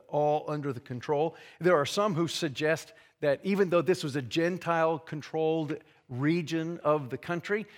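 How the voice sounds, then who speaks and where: A man preaching an expository sermon in an earnest, conversational way, often restarting phrases and adding asides. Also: fairly high pitch.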